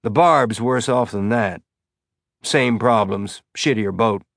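A man voicing an easygoing male pilot with a slow, exaggerated Southern drawl. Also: on the low side, fairly bright tone, dry recording, studio quality. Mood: wry. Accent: Southern US drawl, put on.

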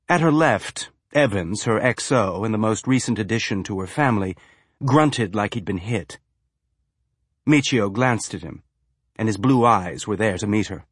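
Husky male audiobook narrator. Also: lowish voice, no echo, clean studio sound. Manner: even, measured reading.

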